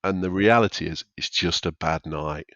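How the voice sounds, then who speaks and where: During a conversational podcast interview, a stand-up comedian with a deep, fairly bright voice speaks at normal speed. He's frank and pokes fun at himself while acting out quoted conversations, recorded in a dull, dry, lo-fi way.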